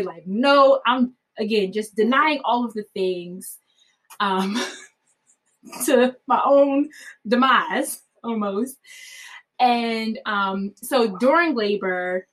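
A woman with a somewhat high voice recounts a personal story. She talks in a loose, animated way, full of fillers and quick laughs. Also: rough recording. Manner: animated, chatty, many fillers like "like" and "um", laughs often. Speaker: mother telling her birth story.

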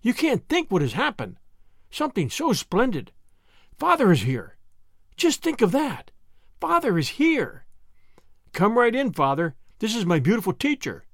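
A man's voice: sits high, very animated, brisk, hardly any pauses, dry recording, studio quality. A man reading an audiobook, voicing an eager young boy who talks breathlessly about a happy surprise. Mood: excited.

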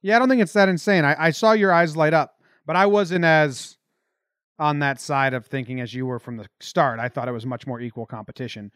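A man's voice: on the high side, fairly bright tone, clear, resonant tone, no room sound, clean studio sound. Young man co-hosting a sports podcast. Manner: quick, opinionated, loose. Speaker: podcast co-host. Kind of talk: casual sports podcast chat.

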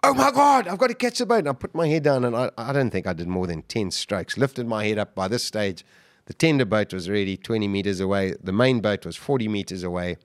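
A man's voice: on the low side, fairly quick, dry recording, clean studio sound. A middle-aged man, a podcast guest, telling a survival story intensely and vividly, acting out his own quotes. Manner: animated, vivid retelling with acted-out quotes.

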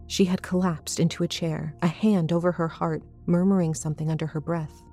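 Low, mellow woman reading a horror story. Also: fairly even intonation, faint music behind. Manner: measured, suspenseful reading. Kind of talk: first-person horror story narration.

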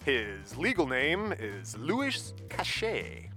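A man co-hosting a casual podcast, teasing his co-host in a playful, lively way. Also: medium pitch, takes it slowly, soft background music. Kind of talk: casual chat.

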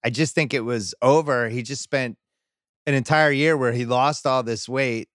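A man hosting a podcast, chatting casually about sports and acting out quotes in sudden high bursts. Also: fairly even intonation, moderate pace, fairly bright tone, no echo, studio quality. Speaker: podcast host.

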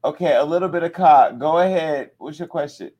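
A man's voice: fairly high pitch, fairly quick, a little mellow. Joking male call-in host. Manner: loose, joking, directs callers. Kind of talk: casual call-in show hosting.

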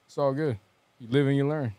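A man's voice: mid-range voice, fairly even intonation, fairly quick, mellow, clear, resonant tone, no room sound. A young man co-hosting a casual podcast, talking in a laid-back way and shrugging things off. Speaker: podcast co-host. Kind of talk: casual chat.

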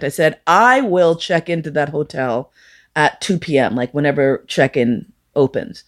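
A woman telling a bawdy story live, with frank profanity and lively acted-out dialogue. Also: deep voice, measured pace. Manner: profane, animated, acts out quoted voices. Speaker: storyteller guest.

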